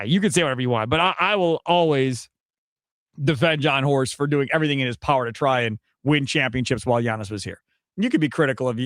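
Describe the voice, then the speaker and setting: A man with a Wisconsin accent hosting a sports radio show, arguing his points in an animated way. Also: a little high, no echo, studio quality. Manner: animated, argumentative, mocks others' panic in quotes. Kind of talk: sports talk radio commentary. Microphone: studio microphone.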